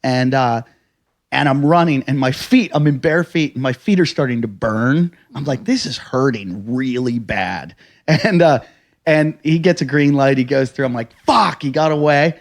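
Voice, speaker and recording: An American comedian and host spins a long anecdote in relaxed conversation. His voice sits a little on the high side, and he swears freely, throwing himself into shouted quotes of what he said. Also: moderate pace. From United States. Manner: animated storyteller, shouts quoted lines, swears a lot. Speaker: podcast host, stand-up comedian. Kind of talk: casual storytelling chat.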